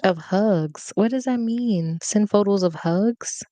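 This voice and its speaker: A woman's voice: medium pitch, takes it slowly, dark tone, no echo. A young adult woman hosting a live podcast, chatting casually and rambling playfully straight to her viewers. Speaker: podcast host.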